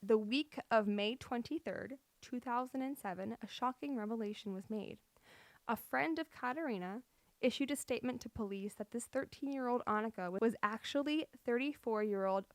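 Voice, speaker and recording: A woman's voice: fairly high pitch, normal speed, dry recording. Dry-voiced woman telling a true-crime story. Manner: nervous laughter and apologetic asides. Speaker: podcast host.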